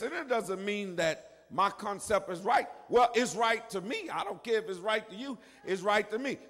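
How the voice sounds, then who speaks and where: An older man preaching a sermon, moving between quiet asides and shouted lines. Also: extremely high pitch. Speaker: pastor. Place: church sanctuary. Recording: long reverb of a large hall.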